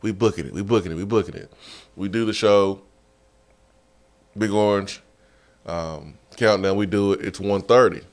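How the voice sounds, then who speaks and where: A man hosting a sports radio show, telling a story in a casual, animated way and laughing often, recorded in a studio. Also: fairly low pitch, normal speed, pauses often.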